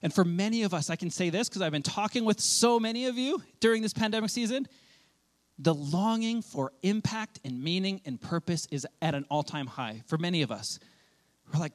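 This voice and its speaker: A man, a pastor, preaching a sermon in a loose, conversational way, acting out quick quoted asides. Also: high-pitched, lively intonation.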